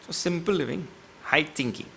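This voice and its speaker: A man's voice: on the high side, moderate pace, gravelly, fairly bright tone, slight background noise. A man giving a devotional scripture lecture, chanting verses and explaining them with a playful, teasing manner toward his class.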